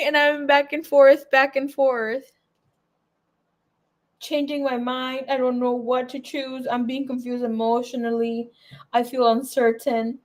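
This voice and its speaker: Young woman, tarot reader, casual reading, emotional, swears, fairly high voice. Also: level tone, unhurried. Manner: emotional, swears, laughs and tears up.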